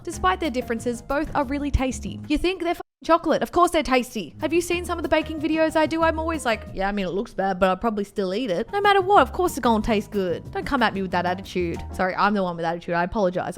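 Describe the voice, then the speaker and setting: An Australian woman giving a chatty, rambling reaction commentary as a vlogger, exaggerating freely. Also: high-pitched.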